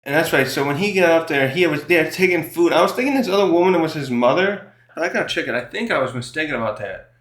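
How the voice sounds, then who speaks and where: Man, a touch high-voiced, chatty reviewer who trails off and restarts a lot, recorded in a roomy, echoey space. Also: animated, fast, a bit bright. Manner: rambling, many fillers and self-corrections; laughs often while recapping. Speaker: manga chapter reviewer. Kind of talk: casual chat. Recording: roomy echo.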